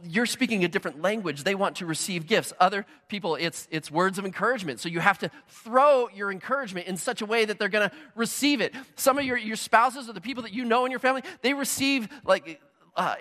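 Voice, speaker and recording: Male pastor, high ringing voice, animated storytelling sermon, long church-hall reverb. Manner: animated storytelling, acts out dialogue.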